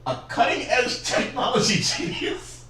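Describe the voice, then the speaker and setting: A man's voice: measured pace, sharp tone, far from the mic, slight background noise. A young man co-hosting a casual chat show, reading out a cast list with dry jokes. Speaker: co-host. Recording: echoey room, voice off-mic.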